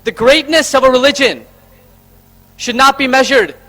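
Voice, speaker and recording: A man's voice: extremely high pitch, moderate pace, bright, forceful tone. A man from Karnataka, giving an emphatic public speech from a stage and listing his points in order. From Karnataka, India. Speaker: invited speaker.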